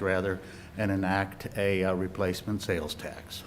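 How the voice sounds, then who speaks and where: A man, a county auditor, giving formal testimony in a measured, prepared way. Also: lowish voice, steady tone, slight background noise. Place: county meeting room.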